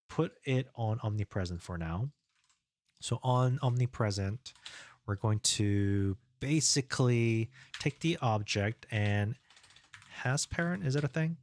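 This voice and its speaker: A man streaming live as a game developer, thinking aloud in a relaxed, rambling way as he works and chats. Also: medium pitch, dry recording. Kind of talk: casual live-coding stream.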